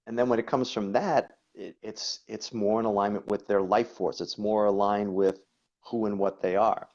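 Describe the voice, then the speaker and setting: A man, a guest coach, talking casually and telling stories in an animated way, often repeating words. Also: fairly low pitch, moderate pace. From New York. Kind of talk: conversational storytelling. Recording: dull lo-fi audio.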